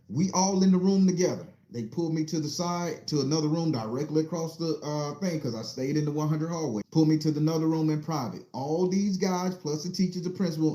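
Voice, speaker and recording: A man's voice: a little high, warm tone, roomy sound. A man casually telling a childhood story in a rambling, profane, vivid way.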